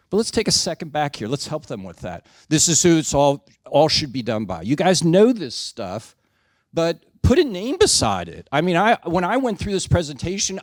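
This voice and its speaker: A man's voice: fairly high pitch, no room sound, clean studio sound. A man giving a conversational training presentation to a group, frank and self-deprecating, often asking the audience for agreement.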